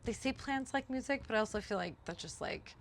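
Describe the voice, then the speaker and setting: A woman's voice: on the high side, a little fast, a little hiss or hum. A woman hosting a casual vlog, talking in a chatty, rambling, self-deprecating way with some swearing, over music. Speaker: podcast host. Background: background music.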